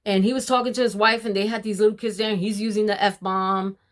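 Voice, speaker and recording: An older woman, a grandmother, talking casually to her viewers about homemaking and faith, addressing them as ladies in a warm, preachy way. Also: medium pitch, little pitch movement, quick pace. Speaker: homemaking vlogger. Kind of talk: casual devotional talk to viewers.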